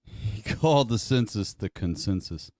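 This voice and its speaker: A man hosting a live stream, cutting in with dry, deadpan remarks. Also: on the low side, measured pace, background noise.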